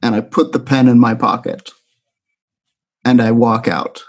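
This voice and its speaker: A man playing a comedic tabletop game, answering in character with hesitant fillers and deadpan lines. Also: medium pitch, measured pace, vocal fry, husky. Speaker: player. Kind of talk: improvised role-play.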